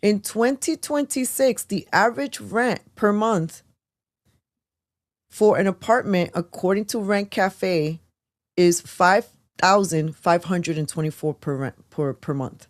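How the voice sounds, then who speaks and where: A woman co-hosting a talk show, speaking in a measured way with hesitant fillers as she cites figures. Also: mid-range voice, no room sound, studio quality. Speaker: podcast co-host. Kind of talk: casual political talk.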